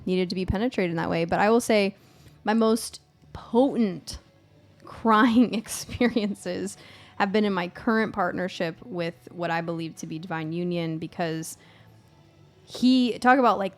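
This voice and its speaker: A woman chatting as a podcast guest in an animated, casual way, laughing often, swearing freely and trailing off mid-thought. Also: on the low side.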